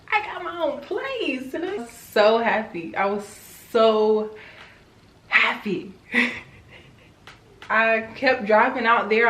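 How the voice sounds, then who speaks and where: A woman's voice: medium pitch, fairly bright tone, reverberant. A woman in her twenties talking candidly in a personal vlog, emotional and self-encouraging. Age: 20s. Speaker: vlogger.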